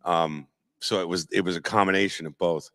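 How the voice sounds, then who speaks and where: A man, a voice actor, chatting casually on a convention panel, telling animated stories and dropping into impressions. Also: low-pitched, brisk. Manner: animated storyteller, slips into impressions. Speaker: voice actor guest. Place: convention auditorium stage.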